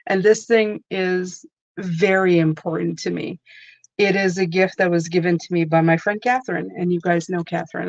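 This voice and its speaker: Gravelly-voiced woman, chatty tarot host. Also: lowish voice, no echo, highs cut off. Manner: chatty and rambling, with many asides. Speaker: tarot reader hosting a live stream. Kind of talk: casual live-stream chat.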